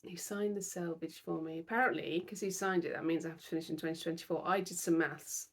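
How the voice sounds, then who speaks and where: Young british woman, husky, lowish voice, sleepy, self-deprecating chat. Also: fairly even intonation, quick pace. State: tired, yawning. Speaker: cross-stitch vlogger. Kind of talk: casual chat to camera.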